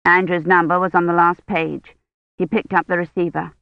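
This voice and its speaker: An audiobook narrator reading a novel in a steady, measured way. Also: mid-range voice, creaky, no echo. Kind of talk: scripted narration. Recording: slightly muffled dry studio read.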